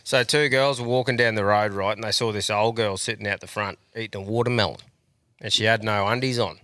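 A man's voice: on the low side, fairly even intonation, brisk, pushed and bright, no room sound. A man with an Australian accent hosting a podcast, swearing freely in crude, laid-back banter. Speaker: podcast host. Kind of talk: casual banter.

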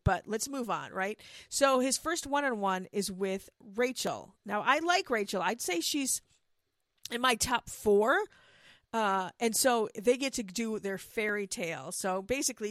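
A chatty woman dishes on the latest episode of a dating show with a lively, gossipy delivery. She laughs often and slips into quick impressions of the people she describes. Her voice sits at an ordinary pitch for a woman and sounds close and dry, with no room around it. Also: no echo. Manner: animated, gossipy, laughs often, acts out quotes. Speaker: reality TV recap commentator. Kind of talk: casual chatty recap.

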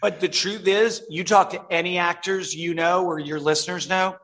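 A man, a film director, telling animated stories as an interview guest and acting out the voices of others. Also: sits high, moderate pace. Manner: animated storyteller, reenacts voices.

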